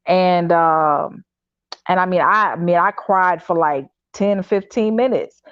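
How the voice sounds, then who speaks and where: A fairly low-pitched woman from Chicago speaks into a home video-call setup, and the sound comes through a little muffled and lo-fi. She hosts a livestream talk show and tells a personal story in a loose, animated way, full of fillers and restarts. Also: takes it slowly, clean tone, dry recording. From Chicago, United States. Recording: dull, slightly lo-fi dry stream audio.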